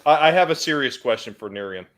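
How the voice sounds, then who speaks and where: A man's voice: medium pitch, expressive, fast, crowd noise. A man in a casual panel chat, asking cheeky, provocative questions.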